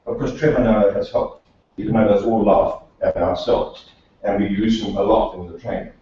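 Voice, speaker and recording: A man's voice: fairly low pitch, fairly even intonation, moderate pace, dark tone. A man from South Africa, a speech coach, delivers a prepared talk to a professional meeting, leaning on dry humour and rhetorical questions. His voice reaches a distant microphone in a very echoey hall. The sound is dull and muffled. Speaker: speaker, speech and accent coach. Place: meeting room of a professional association.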